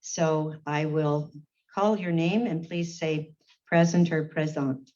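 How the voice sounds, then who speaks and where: A woman serving as warden, chairing a formal council meeting in a brisk, procedural way and calling the roll. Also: deep voice, fairly even intonation, a little mellow. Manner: brisk, procedural, reads names in a roll call. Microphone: meeting-room microphone on a livestream. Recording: dull lo-fi livestream audio.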